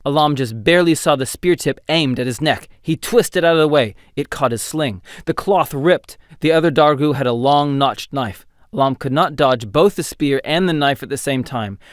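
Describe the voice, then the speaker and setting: A man narrating a fantasy audiobook in an expressive, dramatic storytelling style. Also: on the high side, normal speed, few pauses, no echo, studio quality. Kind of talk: scripted narration.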